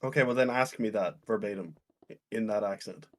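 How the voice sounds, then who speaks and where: A man on a gaming stream ribbing his friends with loud, profane banter. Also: on the low side, fairly quick. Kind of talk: casual gaming chat.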